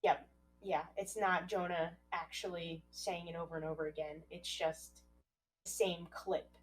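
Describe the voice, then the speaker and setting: A woman's voice: fairly low pitch, measured pace, slight background noise, poor audio. A woman co-hosting a podcast, recapping a story in casual talk and acting out the quoted lines. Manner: animated, acts out quoted lines. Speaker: podcast co-host.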